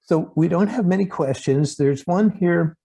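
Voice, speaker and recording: Gravelly, halting male interview host. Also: sits high, dark tone, poor audio. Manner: halting, with many restarts and fillers. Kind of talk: casual interview chat.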